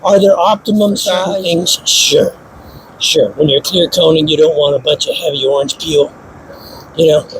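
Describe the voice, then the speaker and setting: A man in a paint workshop talking through a hands-on demo with a snarky, self-mocking edge. His voice sits a little high and jumps up further when he gets excited. A faint hum of shop noise runs underneath. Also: normal speed, rough recording. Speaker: paint instructor. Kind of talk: casual hands-on demonstration.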